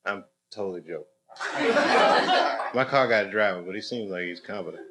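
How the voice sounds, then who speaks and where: Animated man bantering with a crowd. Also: on the low side, moderate pace, heavy background noise. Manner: loose, joking, chatty with the audience. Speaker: comedian. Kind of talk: casual crowd banter on stage. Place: comedy club with a live audience.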